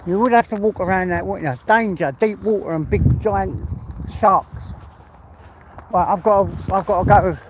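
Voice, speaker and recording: A man's voice: high voice, moderate pace, background noise. A retired man from England chatting casually to his viewers while walking his dog outdoors, rambling from one thing to the next. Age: older. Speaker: vlogger. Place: outdoors on a rural walk by water.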